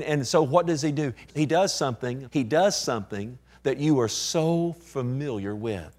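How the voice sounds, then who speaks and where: A man preaching a sermon as pastor. He slows and drops to a hush when quoting scripture, then rises in pitch and volume with impassioned fervor.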